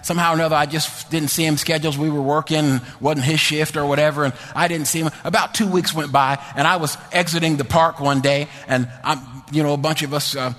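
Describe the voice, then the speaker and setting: A man's voice: on the high side, fairly even intonation, a little fast, hardly any pauses. A man preaching a sermon, telling a story with fervor and leading a prayer in a church. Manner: fervent storytelling, then quiet prayer. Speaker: pastor.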